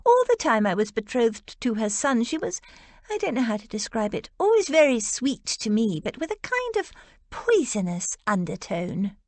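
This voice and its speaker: A woman's voice: fairly high pitch, sing-song, moderate pace, darkish tone, no room sound, voice pushed up. A woman voicing an arch, teasing young Regency lady with a blunt wit.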